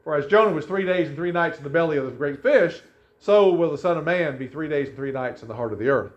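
A man's voice: a little high, quick pace. A man preaching a sermon in a conversational way, often restarting his sentences. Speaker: pastor. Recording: echoey room, dull lo-fi sound.

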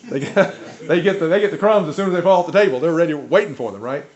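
A man's voice: a little high, fast, darkish tone. A man preaching a sermon, retelling stories with emphasis, chuckles and asides to the audience. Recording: dull lo-fi recording.

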